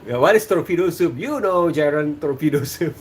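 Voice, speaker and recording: A man with an Indonesian accent, a native Sundanese speaker, hosting a casual livestream chat, relaxed and chuckling, with many fillers. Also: fairly high pitch, moderate pace, a little hiss or hum. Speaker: host.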